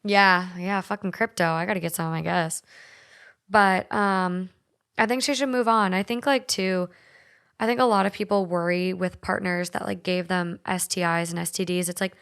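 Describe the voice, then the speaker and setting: A woman's voice: lowish voice, fairly even intonation, normal speed, gravelly, a bit bright, smooth. A young woman with a light Minnesotan accent hosting a podcast, chatting casually, swearing freely and reading listener stories aloud. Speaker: podcast host.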